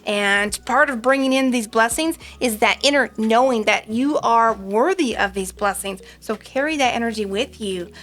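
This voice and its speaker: A woman's voice: a little high, normal speed, hardly any pauses, a bit bright. A woman doing a casual pick-a-card tarot reading, chatty and rambling, with frequent ums. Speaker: tarot reader.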